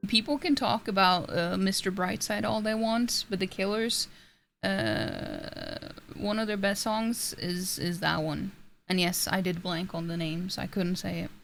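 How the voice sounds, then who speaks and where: Gravelly-voiced woman streamer. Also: mid-range voice, unhurried, a bit bright, a little hiss or hum. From Norway. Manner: rambling, self-interrupting, laughs often. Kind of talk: casual chat reading out chat messages. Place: home streaming setup.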